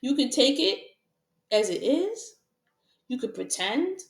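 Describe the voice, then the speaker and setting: A woman's voice: high-pitched, big pitch swings, slow, creaky. Frank tarot reader woman, echoey room. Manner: frank, repetitive, rhetorical questions, laughs often. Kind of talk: casual spoken reading to viewers.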